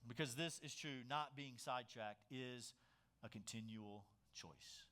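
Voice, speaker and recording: A man preaching a sermon, telling stories with lively swings between loud emphasis and quiet asides. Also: medium pitch, unhurried. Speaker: pastor.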